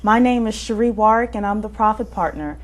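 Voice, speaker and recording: A woman's voice: mid-range voice, a little fast. Woman host with a scripted welcome. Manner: scripted intro, frequent mm-hmm backchannels. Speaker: show host. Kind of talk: interview hosting.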